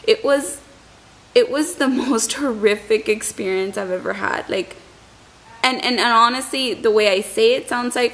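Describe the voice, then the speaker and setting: On a rough recording, a young woman with a slightly high, fairly bright voice speaks at a moderate pace. Shaken by what happened, she rambles through a lengthy storytime vlog full of emotion and repeated words.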